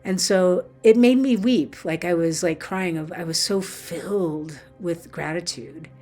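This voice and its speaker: A woman with a somewhat low voice speaks as a spiritual teacher, telling a personal story from the heart. She talks in an earnest, emotional way and often pauses on fillers. Faint music plays quietly underneath.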